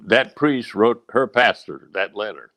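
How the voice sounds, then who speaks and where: An older man from the American South, a retired naval officer telling stories in a casual interview, rambling and halting with many fillers. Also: on the low side, a bit bright. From Charleston, South Carolina. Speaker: guest, retired rear admiral.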